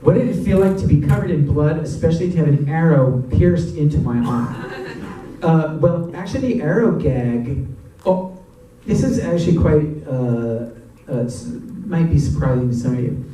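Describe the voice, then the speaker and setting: A man answering audience questions after a screening, telling stories in a chatty, animated way and laughing often. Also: a little high, moderate pace, slight background noise. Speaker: actor and guest of a Q&A. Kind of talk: audience Q&A storytelling. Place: cinema auditorium. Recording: echoey cinema from far off.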